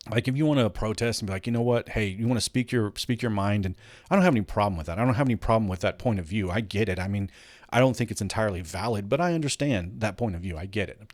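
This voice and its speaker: A man's voice: fairly low pitch, a little mellow, no echo, studio quality. A man hosting a casual commentary show, ranting bluntly and swearing, with many restarts. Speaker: host.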